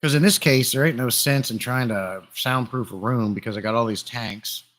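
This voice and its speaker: Surrounded by glass fish tanks, a male streamer keeps things relaxed, chatting away and calling out viewers by name. His mid-range voice moves at a normal speed, captured on a desktop USB condenser microphone.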